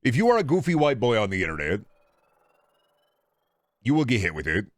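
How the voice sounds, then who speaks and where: A man's voice: mid-range voice, sing-song, brisk, no echo. A young male streamer riffing on his chat in a crude, sarcastic, casual way.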